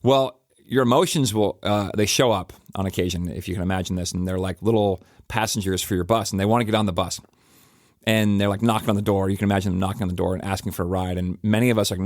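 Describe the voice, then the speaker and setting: A middle-aged pastor talks through a personal reflection, his low voice wandering through fillers and restarts. The sound is dry and close, with no room around him. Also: quick pace, dry recording. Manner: rambling, conversational, many fillers and restarts.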